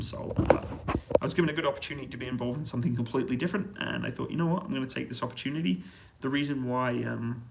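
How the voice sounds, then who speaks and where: A man hosting a relaxed livestream reads viewer questions aloud and answers each in an easygoing, chatty way. His voice sits at an ordinary pitch for a man but carries a gravelly, creaky edge. He chuckles often as he talks from a hotel room. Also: poor audio. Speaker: livestream host answering chat. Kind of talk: casual livestream chat.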